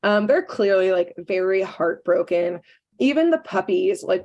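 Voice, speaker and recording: A woman's voice: mid-range voice, measured pace, lo-fi sound. Woman chatting through a cartoon recap. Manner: animated retelling, acting out characters' lines with lots of "like". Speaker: podcast co-host recapping a cartoon episode. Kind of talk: casual chat.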